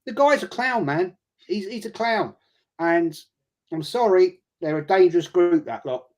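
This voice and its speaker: A guest fan pundit with a London accent joins a casual fan chat, speaking bluntly, swearing, and mocking rivals with sarcastic put-on quotes. His high voice is animated and his pace measured.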